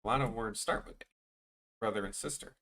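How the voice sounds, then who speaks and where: A man casually chatting while he works on a live stream, rambling and restarting his sentences, and turning animated and incredulous when he tells a story. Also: lowish voice, fairly quick. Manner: rambling and offhand, trailing off and restarting.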